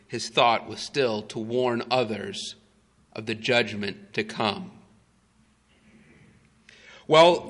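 A male preacher retelling a story in a sermon, dramatic and emphatic with long pauses. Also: medium pitch, pushed and bright, long reverb tail.

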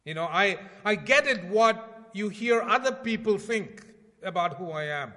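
A man preaching a sermon in a conversational way, asking rhetorical questions and swinging between loud emphasis and quiet asides. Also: sits high, lively intonation, measured pace. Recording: long hall reverb.

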